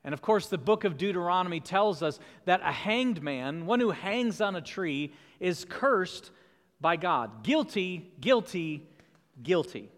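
A man's voice: high-pitched, expressive, unhurried, fairly bright tone, in a large hall. A man preaching a sermon in an earnest, questioning way. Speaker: pastor.

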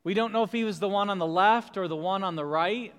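A man's voice: sits high, fast talker, a bit bright, clear, resonant tone, long reverb tail. A man preaching a sermon in an earnest, questioning way. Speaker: pastor.

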